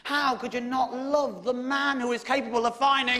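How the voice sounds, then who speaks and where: An English man doing stand-up, telling a story in an exasperated, sweary way that bursts into shouting. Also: very high voice, steady tone, normal speed. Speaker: stand-up comedian. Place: comedy stage before a live audience. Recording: echoey live venue with loud audience. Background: audience laughter.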